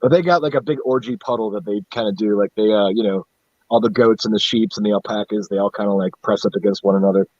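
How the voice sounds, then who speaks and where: A husky-voiced man from central upstate New York chats on a live stream, rambling through stories full of swearing and laughing at himself. His voice sits in a middle pitch. The sound is dry and a little dull, like a lo-fi stream mic. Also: fast, darkish tone, dry recording. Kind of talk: casual chat.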